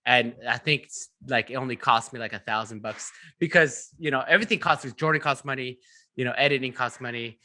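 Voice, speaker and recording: A man hosting a casual podcast chat, talking in an animated way and laughing often. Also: medium pitch, a little fast. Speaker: podcast host.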